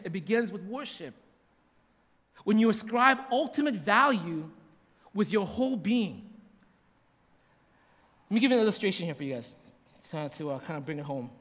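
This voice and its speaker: A man preaching a sermon, telling a story and often checking in with "right?" and repeating his words. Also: high-pitched. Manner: storytelling with frequent repetitions and "right?". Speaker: pastor. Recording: long hall reverb.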